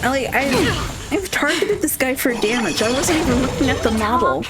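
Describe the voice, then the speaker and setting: Young woman streamer, slightly high voice, casual and jokey, reads game lines aloud and swears now and then. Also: sing-song, normal speed, loud music behind the voice. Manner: casual and joking, with frequent swearing and asides. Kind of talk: reading game dialogue aloud on a live stream.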